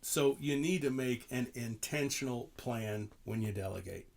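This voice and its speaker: A middle-aged man coaching on leadership in a podcast, with an easy, conversational voice at an ordinary pitch. He tells stories from his work, turns emphatic when he drives a point home, and laughs now and then. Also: measured pace, vocal fry, a little mellow. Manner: casual, storytelling, emphatic, laughs often. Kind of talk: motivational podcast talk.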